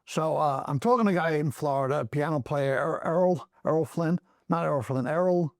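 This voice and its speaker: Lively, high-voiced storytelling man. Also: a little fast, no room sound, clean studio sound. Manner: animated storyteller acting out other people's lines. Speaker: comedy club owner and guest. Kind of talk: anecdotal storytelling on a podcast.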